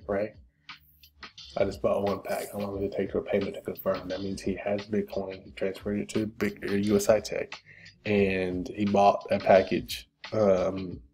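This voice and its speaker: A man's voice: lowish voice, warm tone, slight background noise. A man hosting a casual question-and-answer stream, talking bluntly with profanity and pep-talk encouragement. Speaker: crypto channel host. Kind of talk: casual Q&A livestream.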